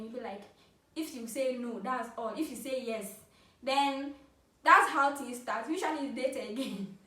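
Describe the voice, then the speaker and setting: A Ghanaian woman in her twenties telling funny personal stories to camera in a playful, animated way, laughing often. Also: high-pitched, normal speed. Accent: Ghanaian English. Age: 20s. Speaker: vlogger. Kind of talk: casual storytelling to camera. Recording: roomy, from a distance.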